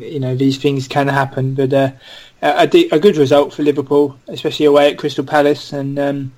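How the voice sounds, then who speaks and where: A man, a podcast guest, who talks football in a measured, hesitant way with frequent pauses. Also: medium pitch, darkish tone. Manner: measured, hesitant, lots of fillers. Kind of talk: casual football podcast chat.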